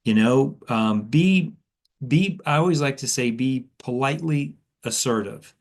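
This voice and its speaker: A man coaching telesales agents in a casual, conversational way, with lively inflection and frequent fillers. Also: mid-range voice, a little slow. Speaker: sales trainer.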